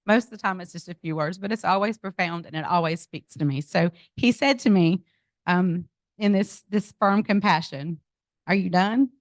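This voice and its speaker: A middle-aged woman giving a lively personal testimony to a group, speaking to them directly. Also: lowish voice, normal speed, no echo. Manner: animated storytelling, addresses audience as y'all. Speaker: speaker at a business event. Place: event venue.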